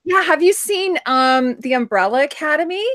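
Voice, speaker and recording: A chatty middle-aged woman hosting a live show, with a fairly high voice. She tells stories with plenty of laughter and reads out the viewers' comments. The sound is close and dry. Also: animated, normal speed, fairly bright tone, no echo. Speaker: host. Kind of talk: casual chat on a live stream.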